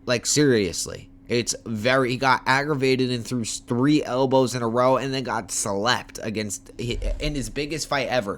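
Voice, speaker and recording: A man hosting a homemade fight-picks preview, talking in a lively, profane, joking way while tired and yawning late at night. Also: mid-range voice. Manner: animated, profane, playful trash talk. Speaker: MMA fight picks host. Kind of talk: casual fight preview talk. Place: homemade setup.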